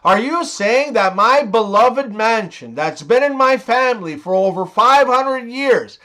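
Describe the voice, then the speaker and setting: Man voicing an outraged wealthy landowner, high voice, animated exclaiming. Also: a little slow, exaggerated voice. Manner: indignant, exclaiming. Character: rich male estate owner, easily outraged.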